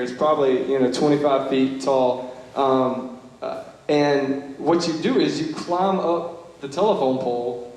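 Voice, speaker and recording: A man's voice: a little high, darkish tone. Earnest young man telling camp stories. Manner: earnest, conversational, lots of "you know" and "like". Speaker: Young Life leader giving a banquet talk. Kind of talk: storytelling speech. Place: large banquet hall. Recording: very echoey hall with long reverb.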